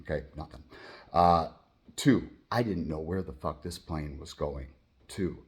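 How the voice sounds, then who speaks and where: Man, very low voice, middle-aged, from Michigan, profane, rambling vlog story. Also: a little slow, slightly rough. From Michigan, United States. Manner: profane, blunt and animated, acting out quoted voices. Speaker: channel host telling a personal story.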